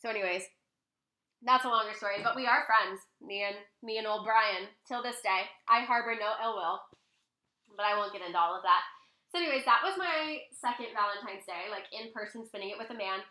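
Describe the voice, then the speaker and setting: A young woman vlogger telling a personal story in a casual, chatty way at home, full of fillers and animated quoting. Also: mid-range voice, brisk, echoey room. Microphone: laptop mic, close.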